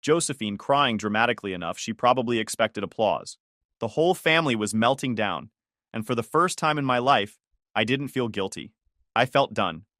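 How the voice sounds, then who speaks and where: A man's voice: mid-range voice, lively intonation, moderate pace, fairly bright tone, no room sound. A man narrating a first-person family story with sarcastic, dry humor.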